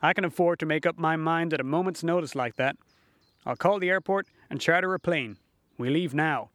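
Guy doing a rich bully type, bossy and sneery, kinda highish voice, dry sound. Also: fairly quick, fairly bright tone, dry recording, lightly acted. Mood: commanding. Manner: boastful, sneering. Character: arrogant rich man, domineering, impatient.

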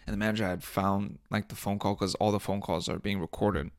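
A man's voice: lowish voice, steady tone, brisk, no echo. Profane man telling stories, dry sound. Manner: profane, laughing often. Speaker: podcast host. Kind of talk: casual storytelling.

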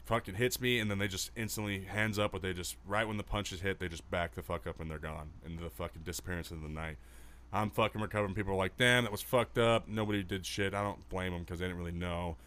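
A man from Utah telling profane stories in a casual podcast chat, acting out quotes loudly. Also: low-pitched, steady tone, quick pace. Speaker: podcast co-host.

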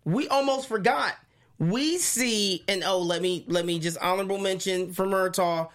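A woman's voice: medium pitch, normal speed. A woman co-hosting a casual TV recap show, playful and slangy in her banter. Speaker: co-host.

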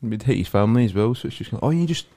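Lively Scottish man telling rambling stories. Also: medium pitch, racing, background noise. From Scotland. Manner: rambling storyteller, laughs through anecdotes, swears freely. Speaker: podcast co-host. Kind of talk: casual banter.

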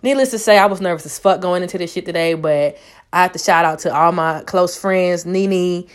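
Loud, profane young woman telling a story. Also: a little fast, smooth. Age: 20s. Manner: loud, profane and animated, jumping to high squeals. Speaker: vlogger. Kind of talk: casual storytime monologue.

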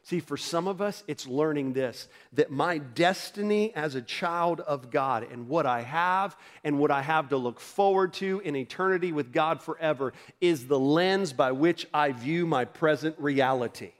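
Male pastor with a high voice, preaching in a casual, conversational way that rises to emphatic peaks. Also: measured pace, few pauses. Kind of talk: sermon.

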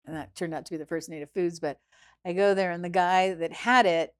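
A woman chef, a guest in an interview, telling a story in a lively way, acting out what people said and swinging between hushed and loud. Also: on the low side, a little fast, clear, resonant tone. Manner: animated, acts out quoted voices, swings between hushed and loud. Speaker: chef and restaurant founder, guest.

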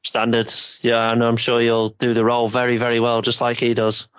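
A man's voice: medium pitch, monotone, a little fast, clear, resonant tone, dry recording, highs cut off. Easygoing man being interviewed. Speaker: podcast regular. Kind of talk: casual interview.

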